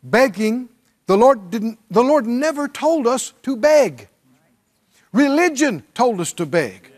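A man's voice: very high voice, sing-song, slow pace, darkish tone. A male pastor preaching a sermon, drawing on the congregation and mimicking pleading prayers.

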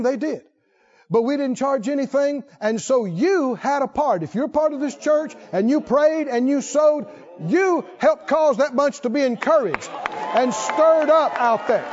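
Man, pastor, sermon, very high pitch, folksy storytelling, builds to shouting, muffled lo-fi sound. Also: expressive, measured pace, a faint crowd. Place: church sanctuary.

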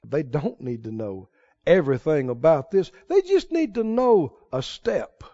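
A man's voice: on the high side, big pitch swings, a little slow, warm tone. A man preaching a sermon, telling stories in a folksy way and building to emphatic exhortation. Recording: dull lo-fi sermon recording.

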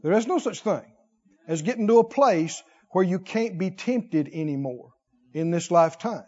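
A man preaching a sermon, animated, with call-and-response and comic asides. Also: high voice, normal speed, in a large hall, lo-fi sound.

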